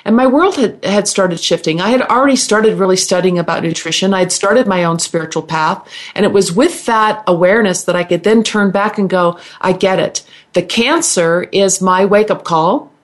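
A middle-aged healer, guesting on a radio show, earnestly tells her own story. She pauses, restarts, and repeats words along the way, her voice pitched at a medium level.

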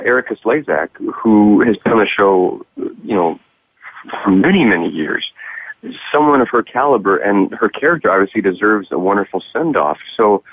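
A man's voice: deep voice, no room sound. A man being interviewed about his acting work, answering earnestly and at length with many fillers and restarts. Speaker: guest actor. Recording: dry, tinny phone-like line.

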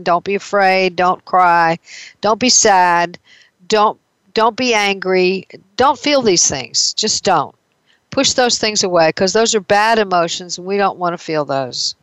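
A woman's voice: medium pitch, no room sound, rough recording. A woman therapist giving a conversational talk on emotions, explaining with everyday examples.

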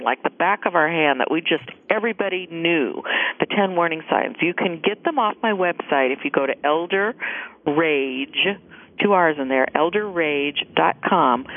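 Animated woman on a phone line. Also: deep voice. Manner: animated, emphatic, acts out quotes. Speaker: author and caregiver guest. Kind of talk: radio interview, storytelling. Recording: dry tinny phone line.

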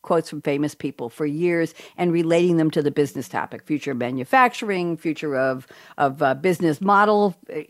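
A middle-aged woman hosting a talk show, chatty and playful, with lively asides. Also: sits low, brisk, no echo. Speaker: host.

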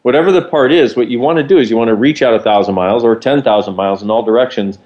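A man's voice: mid-range voice, racing, darkish tone, highs cut off. Man explaining things in a rambling way. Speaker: co-host. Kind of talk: casual teaching chat.

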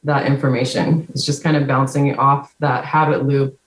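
A woman guest on a podcast calmly explaining ideas in a steady, explanatory way. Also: a bass voice, moderate pace. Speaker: guest, psychiatric nurse practitioner. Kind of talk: podcast interview. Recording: roomy remote audio.

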